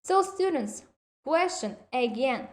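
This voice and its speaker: Woman lecturer, kinda high voice, slow careful online class talk. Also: expressive. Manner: slow, deliberate, addresses students directly. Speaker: university lecturer.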